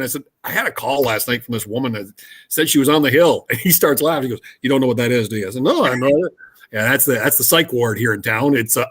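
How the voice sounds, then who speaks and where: This is a man, a radio host spinning a story. His voice sits at an ordinary mid pitch. He moves through the tale in a relaxed, chatty way. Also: breathy edge. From Canada. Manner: animated anecdote telling with laughs. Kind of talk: conversational storytelling.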